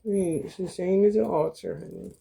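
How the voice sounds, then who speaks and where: A woman's voice: lowish voice, sing-song, moderate pace, creaky, mellow. A woman giving a casual tarot reading. She talks bluntly and profanely, calls the viewers y'all and honey, and laughs often as she tells stories. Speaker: tarot reader.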